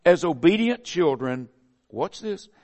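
A man's voice: fairly high pitch, very animated, unhurried, a little mellow, long reverb tail. A man with a Southern US accent preaching a sermon in a folksy, conversational way, building phrases to emphatic peaks. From American South.

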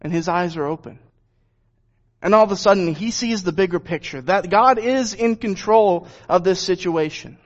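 Brief: earnest male preacher reading and explaining scripture, high voice, dull lo-fi sound. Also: normal speed. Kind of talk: Bible reading and sermon. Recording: dull lo-fi recording.

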